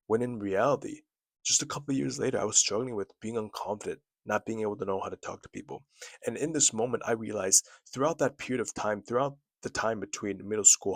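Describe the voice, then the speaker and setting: A young man in his twenties talks straight to camera in a low voice, sharing self-improvement advice. His delivery is earnest and chatty, full of fillers, with phrases repeated for emphasis. The sound is dry and close, with no room echo. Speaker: self-improvement video creator. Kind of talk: casual talking-head advice.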